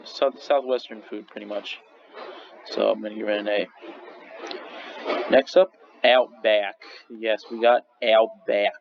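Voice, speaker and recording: A man's voice: fairly low pitch, creaky. A young man casually ranking restaurants in a rambling, swearing vlog monologue full of restarts. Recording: slightly dull lo-fi recording with faint noise.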